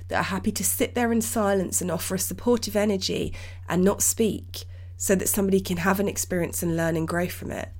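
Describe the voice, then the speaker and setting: A woman hosting her own podcast, talking alone in a reassuring, rambling way with restarts, her voice croaky. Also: fairly low pitch, darkish tone. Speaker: podcast host and medium teacher. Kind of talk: solo podcast talk.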